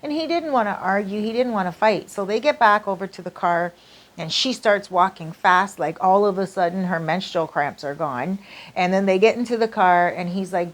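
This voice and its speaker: A woman's voice: medium pitch, moderate pace. A woman narrating a relationship story in a casual storytime style, chatty and full of fillers. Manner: chatty, lots of "like" and "you know".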